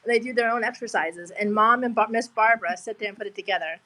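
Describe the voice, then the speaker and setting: A woman's voice: medium pitch, fast talker, bright, forceful tone, poor audio. A woman, talking on a video call in a heartfelt, rambling way, full of restarts. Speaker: guest. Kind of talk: emotional casual chat.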